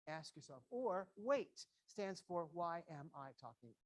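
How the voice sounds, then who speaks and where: Addressing parents as a guest educator, this man speaks a little slowly in a slightly high voice with wide pitch swings. His slide-backed motivational talk is earnest and emphatic, full of repeated key phrases and little acted-out dialogues.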